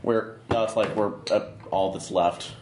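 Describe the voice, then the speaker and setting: A man playing in a tabletop game, speaking in a halting, hesitant way. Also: on the low side, fairly even intonation, darkish tone. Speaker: player. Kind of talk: casual tabletop game chat. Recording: roomy with faint noise.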